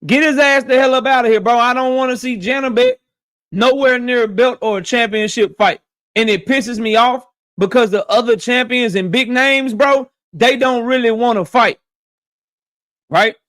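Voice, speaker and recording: A man's voice: extremely high pitch, moderate pace, a bit bright. A young man hosting a boxing talk show, blunt and profane, repeating lines for emphasis. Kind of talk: casual opinionated commentary.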